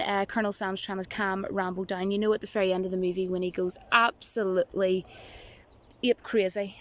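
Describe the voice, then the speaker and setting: A woman vlogger chatting casually to camera, rambling and giggling, with a touch of self-mocking nerves. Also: mid-range voice. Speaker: movie vlogger.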